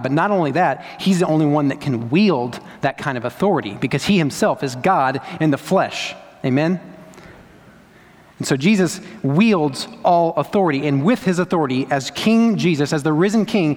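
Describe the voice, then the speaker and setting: A man preaches to his congregation, his slightly raised voice ringing through a hall with a long echo. He drives points home with repetition and rhetorical questions. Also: a little high. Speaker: pastor. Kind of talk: sermon.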